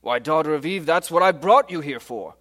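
A man reading aloud and voicing a kindly male talking beaver in a put-on British accent, speaking softly. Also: a little high, expressive, fairly quick. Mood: hushed earnest. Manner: hushed, storybook reading aloud.

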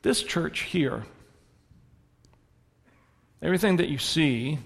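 A man preaching in a church, telling stories and swinging between soft reflective moments and animated punchlines. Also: a little high, slow, vocal fry, long reverb tail. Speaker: pastor. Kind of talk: sermon. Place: church sanctuary.

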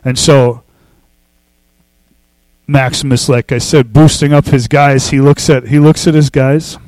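A man preaching a casual sermon, talking loosely with fillers and restarts, and reading scripture slowly and with emphasis. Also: medium pitch, no echo, low-quality recording. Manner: relaxed, conversational, with fillers and restarts. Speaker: pastor.

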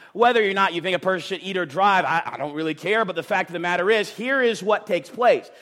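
A man preaching a sermon, talking emphatically with casual jokes and frequent asides to the crowd. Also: high voice. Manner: animated, emphatic, jokey, talks to the crowd with "right?".

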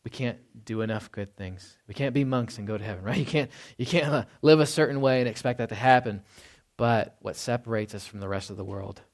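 A man's voice: mid-range voice, fairly quick, few pauses. A man giving a casual, conversational sermon as a pastor. He chuckles often and ends many points with "right?". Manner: drops to a hushed voice when quoting.

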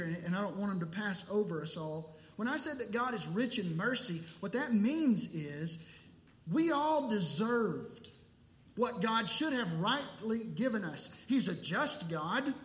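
High-voiced, slow-preaching man in an echoey room. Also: a bit bright. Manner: emphatic, deliberate preaching with pauses. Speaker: pastor. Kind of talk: sermon. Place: church sanctuary.

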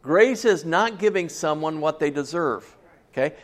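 A man's voice: fairly high pitch, expressive, a little slow. A man preaching a sermon in a conversational way, often asking his listeners questions. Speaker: pastor.

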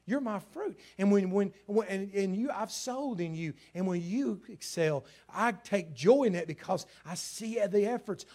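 A middle-aged man preaching a sermon to his church, energetic and animated, swinging from loud bursts to hushed asides. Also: high-pitched. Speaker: pastor.

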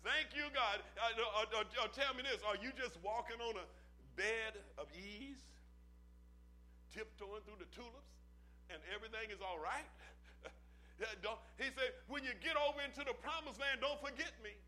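A man's voice: very high-pitched, moderate pace, sharp tone. A man preaching a sermon in a rhythmic, repetitive cadence, calling out questions to the congregation.

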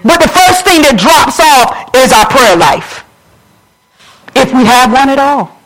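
A woman's voice: high-pitched, animated, measured pace, fairly bright tone, poor audio. A woman pastor preaching a sermon fervently, speaking straight to her congregation.

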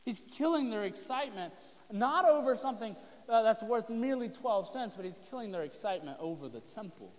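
A man's voice: sits high, expressive, a little fast. A man preaching a sermon to his congregation in a casual, conversational way, with joking asides. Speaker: pastor. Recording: long reverb of a hall.

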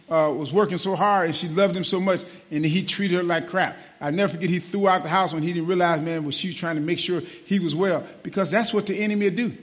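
A middle-aged man delivers a sermon in a high voice. He talks to the congregation casually, as if to friends, and keeps saying "man". His voice carries a long reverb from the hall around him. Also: a bit bright. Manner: conversational preaching, says "man" often. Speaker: preacher.

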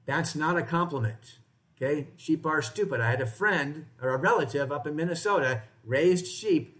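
A man's voice: on the high side, moderate pace, a bit bright. A man preaching a sermon to a congregation in a church, in a conversational way, often asking his listeners questions. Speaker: pastor.

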